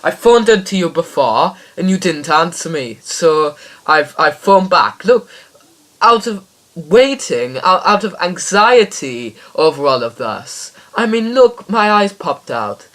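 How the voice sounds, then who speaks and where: A man's voice: high voice, sing-song, takes it slowly, fairly bright tone, exaggerated voice. A man doing an impression of a fretful former TV star in a comedy phone call sketch, fussy and indignant. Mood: pleading. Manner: fussy, indignant, rambling complaints.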